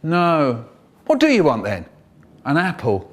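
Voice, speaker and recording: Male storyteller, playful, slow and very expressive. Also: on the high side. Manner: animated, playful, full of sound effects and funny voices. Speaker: children's poet and storyteller. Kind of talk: expressive children's story reading.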